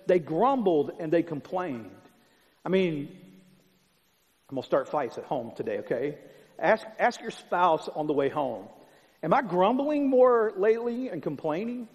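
A man's voice: on the high side, a little mellow. Emphatic preaching man, hall reverb. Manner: emphatic, conversational preaching with repetition. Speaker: pastor. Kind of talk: sermon. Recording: long hall reverb, dull sound.

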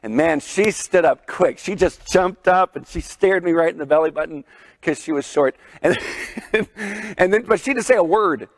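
A man preaching in a chapel, with a voice a touch higher than most men's. He tells stories in an animated way and laughs often, and his voice sounds close to the mic and dry. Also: moderate pace, no echo. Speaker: pastor. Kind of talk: sermon.

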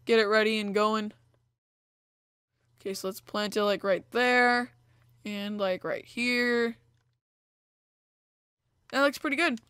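A woman's voice: mid-range voice, fairly even intonation, slow pace, pauses often, a bit bright, clear, resonant tone, no echo, studio quality. A young woman hosting a gameplay video, chatting casually with lots of fillers as she plays. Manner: chatty, rambling, many fillers like "like" and "you know". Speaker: gaming video host.

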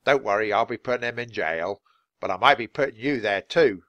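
A man voicing a stern older policeman who gives gruff orders. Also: fairly low pitch, brisk, fairly bright tone, no echo, natural voice. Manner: gruff, commanding.

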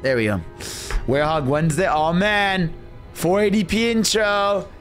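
A young adult man giving excitable, slang-filled live commentary on a video game, talking to his chat. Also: high-pitched, a little slow, soft background music. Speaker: game streamer. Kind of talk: casual live gaming commentary.

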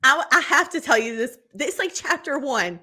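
A woman co-hosts a casual podcast chat with a bright, slightly high voice. She tells stories at length, fills them with "like" and "you know", and jumps up in pitch when she acts out what people said. The talk is loose and conversational. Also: moderate pace. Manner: animated storytelling, acts out quotes with big pitch jumps; many fillers like "like" and "you know". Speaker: podcast co-host.

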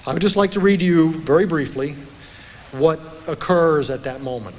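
A man giving a talk as an author, telling history in a measured, explanatory way and reading aloud from his book. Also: on the high side. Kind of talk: lecture-style historical storytelling.

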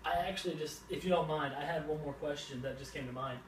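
A man's voice: a little high, fast. A teenage man co-hosting an interview among friends, teasing and giggling. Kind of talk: casual chat. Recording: roomy, distant, noisy.

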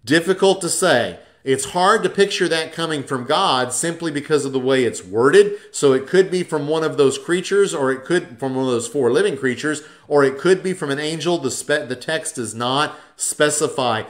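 A man's voice: a little high, moderate pace, hardly any pauses. A man teaching a church Bible class, explaining scripture patiently and reading verses aloud, stopping now and then to correct himself.

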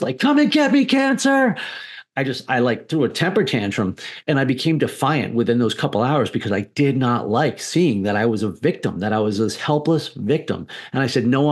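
A man as a podcast guest, telling a candid personal story in a blunt, defiant way with frequent swearing. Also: mid-range voice.

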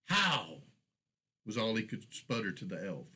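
A man reading his own fantasy short story aloud in a steady, measured storybook narration. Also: fairly low pitch, husky, rough recording.

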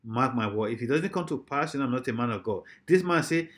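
A man preaching a sermon emphatically, often repeating his phrases and swinging between loud and soft. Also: mid-range voice, expressive, fast.

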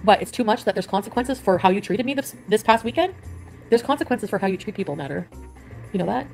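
A woman's voice: medium pitch, expressive, fast talker, gravelly, darkish tone, low-quality recording. Profane rambling young woman venting. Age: young adult. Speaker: vlogger. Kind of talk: emotional confessional vlog. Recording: clip with music behind.

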